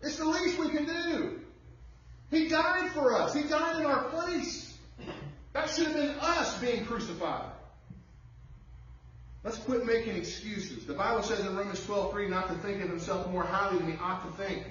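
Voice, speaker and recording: A man's voice: sits high, normal speed, a bit bright. Male pastor preaching hard, lots of questions, far off mic, muffled, echoes all over the sanctuary. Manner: emphatic preaching with rhetorical questions. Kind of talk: sermon. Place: church sanctuary. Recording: distant, muffled, very echoey room.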